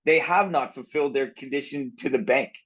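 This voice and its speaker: A man's voice: medium pitch, brisk, a bit bright. A man with a mid-range voice chats on a podcast, asking questions and working through his ideas aloud with many restarts. His mic sounds a bit dull and muffled. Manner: thinks aloud, asks questions, restarts phrases. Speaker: podcast co-host. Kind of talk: casual chat.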